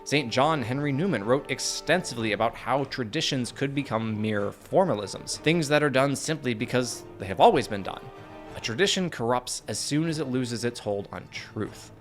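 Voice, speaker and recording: A man narrating a scripted video essay in an earnest, measured way, with dry asides. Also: medium pitch, expressive, faint music behind.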